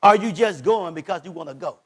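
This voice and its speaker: A male pastor a sermon, voicing God's words, swinging between shouted lines and hushed ones. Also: high-pitched, lively intonation, fairly quick.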